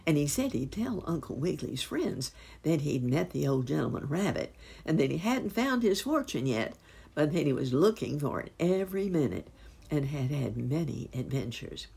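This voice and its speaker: A woman reading a children's storybook aloud, with expressive, unhurried storytelling. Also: low voice, creaky, slightly rough. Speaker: narrator.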